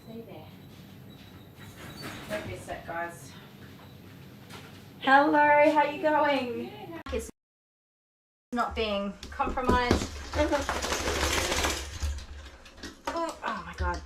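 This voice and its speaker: A woman's voice: a little high, lively intonation, extremely slow, long pauses. An Australian woman grooming dogs on a livestream, chatting casually, coaxing the dogs and often laughing. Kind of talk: casual livestream chat while working. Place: grooming salon. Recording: roomy distant mic with loud noise.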